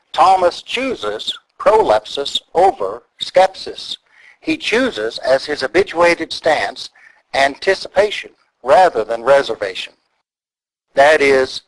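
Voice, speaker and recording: Man, sermon, expository preaching, animated pitch, emphatic, deliberate. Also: low-quality recording. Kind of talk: sermon teaching.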